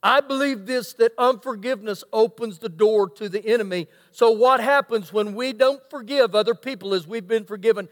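A man's voice: high-pitched, moderate pace, hardly any pauses. A man preaching a sermon, reading scripture aloud and adding emphatic asides. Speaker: pastor. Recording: long hall reverb.

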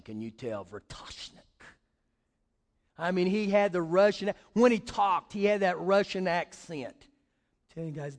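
A man preaching with a very high voice, his words ringing out with a long hall reverb. He tells stories as he goes, dropping low and quiet for quoted lines and climbing loud when he presses a point. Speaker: pastor. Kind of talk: sermon.

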